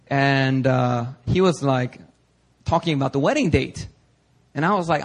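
A young adult man preaching, telling a personal story with lively energy and acting out the people he quotes. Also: mid-range voice, normal speed, pauses often. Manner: animated storyteller, acts out quoted voices. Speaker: pastor.

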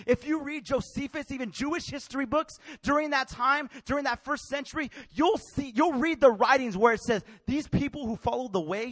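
A male preacher with a notably high voice delivers his sermon in an animated, colloquial style, slipping into casual slang as he drives his points home. The sound is close and dry, with no room around it. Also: no room sound. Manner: animated, colloquial, acts out Bible characters in street slang.

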